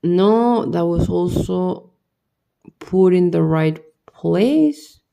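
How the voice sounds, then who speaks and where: A woman's voice: on the low side, very slow, vocal fry, dark tone, smooth. A tired woman vlogger talking to herself as she builds a model kit, muttering the same questions over and over. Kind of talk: casual talk while building.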